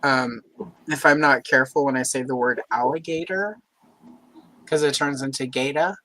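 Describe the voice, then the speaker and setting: A chatty man from Louisiana talks in a casual, rambling way, his General American accent carrying a slight Southern edge. His voice sits at an ordinary middle pitch. A faint hiss hangs under the line. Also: steady tone, moderate pace, sharp tone, rough recording. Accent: General American; a Southern trace slips out. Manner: rambling, chatty, many asides. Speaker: livestream co-host. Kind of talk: casual chat on a livestream.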